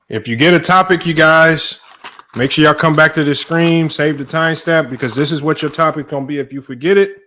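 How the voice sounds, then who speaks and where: Relaxed slangy man hosting a debate stream. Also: on the high side. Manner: relaxed, slangy, thinks aloud. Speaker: debate show host. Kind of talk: casual livestream chat, reading out a list.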